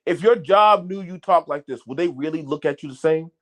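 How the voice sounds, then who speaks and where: A middle-aged man with a voice pitched a little higher than most men's talks straight to his viewers. He is blunt and curses freely, stumbling over repeated words as he restarts his sentences. Faint clicking sounds run behind him. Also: brisk. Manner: blunt, swearing, repeats himself and stammers on restarts. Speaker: channel host. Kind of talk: unscripted commentary to viewers.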